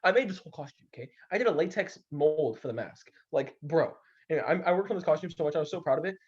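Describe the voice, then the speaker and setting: A man's voice: fairly high pitch, quick pace, breathy edge. A young man in casual podcast chat, telling stories with lots of energy and acting out the people he quotes. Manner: animated, acts out quoted voices. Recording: slightly dull lo-fi audio.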